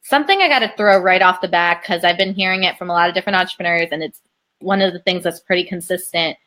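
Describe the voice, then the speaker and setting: A woman's voice: fairly low pitch, fast, bright, forceful tone. A woman hosting a casual interview, chatty and encouraging, laughing easily. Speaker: interview host. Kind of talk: casual live-stream interview.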